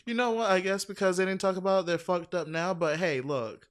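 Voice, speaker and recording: A man with a somewhat high voice talks in loose, rambling podcast chat. He swears freely and slips into shrill, exaggerated impressions of other people. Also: fairly even intonation, fairly quick. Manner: rambling, profane, laughs loudly. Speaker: podcast co-host. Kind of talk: casual chat.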